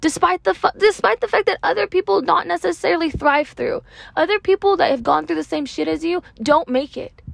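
A woman's voice: extremely high pitch, brisk, creaky, dry recording. A woman hosting a podcast, talking in a raw, emotional, unscripted way, full of "like" and casual swearing. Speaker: podcast host. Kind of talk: unscripted heartfelt podcast monologue.

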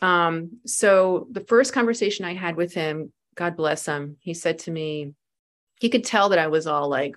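Soft-voiced woman telling stories animatedly. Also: lowish voice, unhurried. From United States. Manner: animated storyteller, acts out quoted voices. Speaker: guest, spiritual teacher and life coach. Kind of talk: conversational podcast interview.

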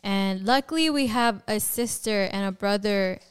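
Smooth-voiced young woman telling her story. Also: medium pitch, normal speed. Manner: animated storyteller who acts out quoted dialogue and fills with "like". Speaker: podcast guest. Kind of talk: personal testimony in a conversational interview.

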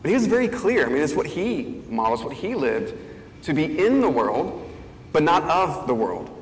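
A man's voice: on the high side, big pitch swings, moderate pace, a little hiss or hum. A male pastor giving a conversational sermon, thinking aloud with fillers and restarts. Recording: echoey hall, faint ambience.

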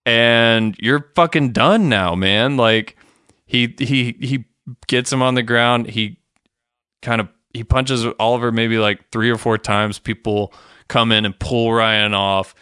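A man's voice: medium pitch, flat delivery, unhurried, sharp tone, clean tone, no echo, studio quality. A man co-hosting a podcast, recapping a TV episode in laid-back casual chat, swearing freely and leaning on fillers. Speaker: podcast co-host.

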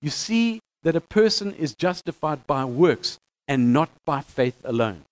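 A high-pitched man gives a bible lesson in a lively teaching manner. He reads passages aloud with stress on key words and often restarts his sentences as he explains. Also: unhurried. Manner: animated, reads scripture aloud with emphasis, frequent restarts. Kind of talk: teaching talk on scripture.

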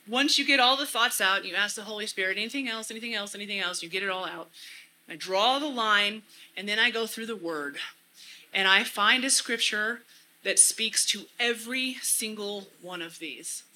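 A woman's voice: mid-range voice, bright, forceful tone, slight background noise, poor audio. A woman giving an earnest church talk, often repeating phrases for emphasis. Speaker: church speaker. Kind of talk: casual teaching talk.

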